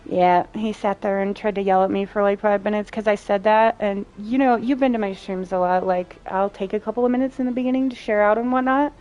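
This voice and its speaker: A woman's voice: mid-range voice, fairly even intonation, brisk, few pauses, a little mellow, highs cut off. A young adult woman streaming, chatting casually, blunt, profane and sarcastic. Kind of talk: casual chat while playing. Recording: faint game music behind.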